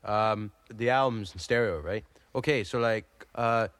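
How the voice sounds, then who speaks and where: An actor playing a dim, easily flustered Canadian hoser on a comedy album, rambling and bickering with lots of fillers in a Canadian accent. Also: male voice, on the low side, unhurried, a bit bright, no echo. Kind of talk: improvised comedy album sketch.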